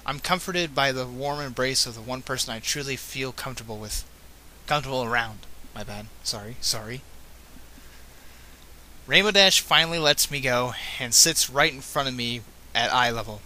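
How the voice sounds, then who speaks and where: A man's voice: medium pitch, moderate pace, bright, forceful tone, slight background noise. A man reading fan fiction aloud, breaking off with casual, self-correcting asides. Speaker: reader.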